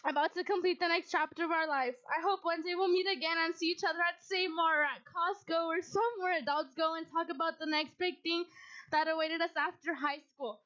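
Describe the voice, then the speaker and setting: Tearful, bright high-voiced teenage girl. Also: steady tone, a little fast. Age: teens. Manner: tearful, laughing through emotion. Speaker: graduating student speaker. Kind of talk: graduation welcome speech. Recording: dull lo-fi sound.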